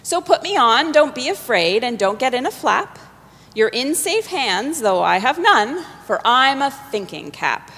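A woman's voice: high-pitched, very animated, a little slow, slightly rough, pitched above the performer's own voice, heavily acted. A woman putting on the murmuring Sorting Hat. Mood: sing-song. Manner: soft, murmuring, thoughtful. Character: old talking magic hat, wise and musing. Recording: long hall reverb.

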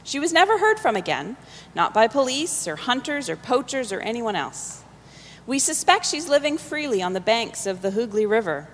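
A fiery sixteen-year-old boy, as a woman acts him out, mocking and impassioned in a storybook reading. His voice sits high and climbs higher when he scoffs. A long reverb hangs after each line, as in a big hall. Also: very animated, moderate pace, a little hiss or hum. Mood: indignant.

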